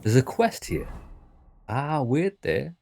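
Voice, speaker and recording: A man with a Sunderland accent giving casual commentary while playing a game, chatty and quick to laugh. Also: medium pitch, sing-song, creaky, a little mellow, slight background noise. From north-east England. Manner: chatty, laughing, mimics dialect. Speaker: gaming let's-player.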